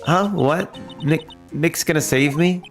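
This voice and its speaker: A man voicing a young spirit-medium girl who is jumpy and pleading, in a high voice. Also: slow, faint music behind. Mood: frightened. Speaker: game streamer.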